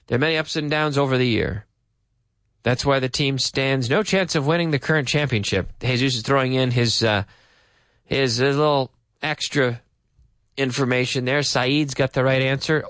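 A Canadian man hosting a live radio English lesson from a studio, reading listener messages and explaining phrases slowly with examples. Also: mid-range voice, a bit bright, dry recording. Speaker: radio English teacher and host.

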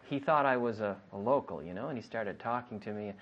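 A man's voice: lowish voice, a little fast, dull audio. A man, a native English speaker, teaching an English lesson and repeating questions over and over in a classroom drill. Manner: lively, repetitive questioning, acts out both sides of a dialogue.

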